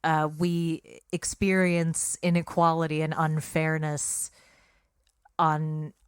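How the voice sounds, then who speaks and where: Earnest, clear-voiced woman podcast host. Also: low voice, level tone, slow, no echo, clean studio sound. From Britain. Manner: earnest, emphatic, with frequent restarts. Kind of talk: casual podcast discussion.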